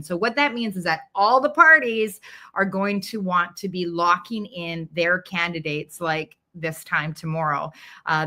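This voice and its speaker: Woman live-stream host, from Canada, emphatic and urgent, lowish pitch with a sharp, bright edge. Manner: energetic, emphatic, asks viewers to stay and interact. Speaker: political commentary host. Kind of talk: live-stream commentary, partly reading notes.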